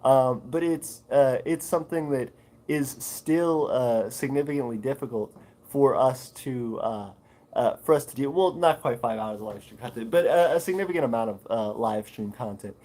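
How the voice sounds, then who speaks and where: A man's voice: mid-range voice, normal speed, dark tone, rough recording. A man hosting a casual livestream, reading chat comments and answering with lots of fillers and restarts. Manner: rambling, many fillers, reads chat aloud. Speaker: livestream host.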